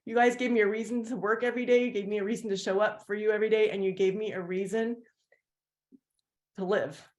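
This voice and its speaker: A woman's voice: mid-range voice, fairly even intonation, fast talker. Rambling, heartfelt woman sharing her story. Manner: rambling with many fillers and restarts. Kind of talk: heartfelt personal testimony on a team call.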